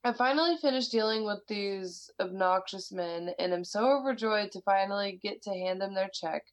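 An American woman co-hosting a podcast chats casually and reads a listener's story aloud, laughing a lot and swearing freely. Her voice is medium-pitched at a normal speed, on a rough recording.

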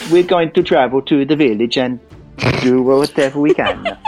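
A man's voice: very high-pitched, bright, forceful tone, voice pushed up, heavily acted, rough recording. A man voicing a boastful male cook-warrior who speaks in a jaunty catchphrase voice during a tabletop game.

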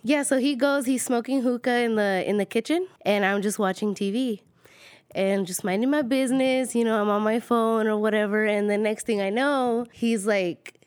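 A woman's voice: on the high side, moderate pace, clean tone, dry recording. Giggly young woman telling a story. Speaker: guest storyteller. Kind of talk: casual chat.

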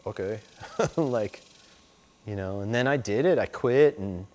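A man's voice: mid-range voice, expressive, slow pace, a little mellow. A middle-aged man telling stories in a loose, rambling way, full of "like" and "you know". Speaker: interview guest. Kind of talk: casual storytelling.

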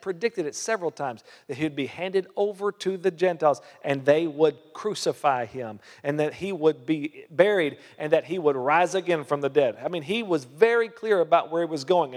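A man's voice: on the high side, animated, moderate pace, few pauses. Man preaching in an echoing church hall. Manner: emphatic preaching with rhetorical questions. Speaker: pastor. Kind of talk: sermon.

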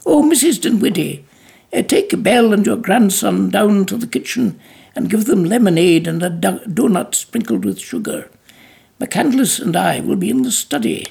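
A reader playing an eager, gentle eccentric doctor, speaking fondly and explaining things, in a gravelly, husky voice. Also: medium pitch, sing-song, normal speed, heavily acted. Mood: kindly.

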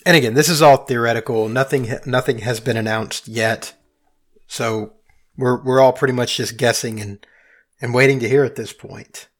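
A man's voice: mid-range voice, steady tone, moderate pace. A man hosting a casual podcast chat, thinking aloud and hedging with frequent restarts. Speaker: podcast host.

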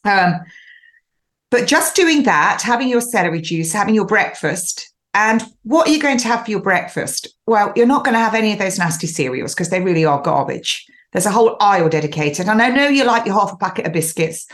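A woman's voice: medium pitch, expressive, a little fast, a bit bright. Chatty woman host giving advice. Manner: chatty, instructive, laughs now and then. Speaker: show host. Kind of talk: casual advice monologue.

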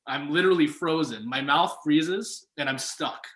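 Bright-voiced young man telling a story. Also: on the high side, moderate pace. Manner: animated, acts out quoted voices. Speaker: guest. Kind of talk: storytelling in casual chat. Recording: echoey room.

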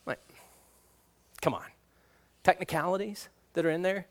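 A middle-aged man preaching a sermon in a relaxed, conversational way, cracking jokes and asking the kids questions. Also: high voice, normal speed. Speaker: guest preacher.

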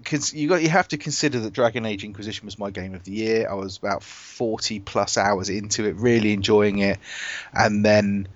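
A man's voice: on the low side, brisk. A man hosting a gaming podcast in casual chat, rambling and searching for words. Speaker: podcast host. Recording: dull lo-fi podcast audio.

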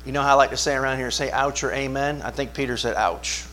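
A man preaching a sermon as pastor, talking conversationally and asking his listeners questions, swinging from hushed asides to loud, emphatic bursts. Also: mid-range voice, quick pace, a little hiss or hum. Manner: conversational, asks the congregation questions.

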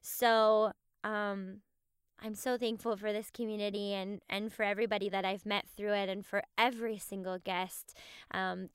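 A woman podcast host giving a heartfelt, emotional farewell to her listeners, halting with many restarts. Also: medium pitch, clear, resonant tone, no echo, clean studio sound.

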